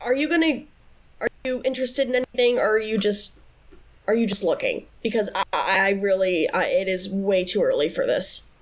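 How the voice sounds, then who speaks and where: A woman's voice: mid-range voice, lively intonation, moderate pace, close to an everyday voice. A woman voicing a tired, irritable male shopkeeper who sighs and snaps at a customer. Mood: exasperated. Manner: exasperated, sighing.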